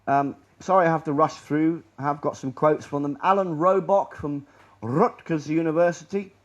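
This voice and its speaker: A man's voice: on the high side, normal speed, highs cut off. A man giving a rambling, sarcastic talk over slides, full of restarts and asides. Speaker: conspiracy lecturer.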